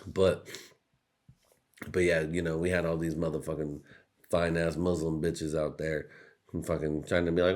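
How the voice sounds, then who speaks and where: A man's voice: a bass voice, flat delivery, moderate pace, darkish tone. A young man hosting a podcast, rambling through a profane, jokey monologue that keeps slipping into put-on voices. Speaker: podcast host. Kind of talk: casual comedic monologue.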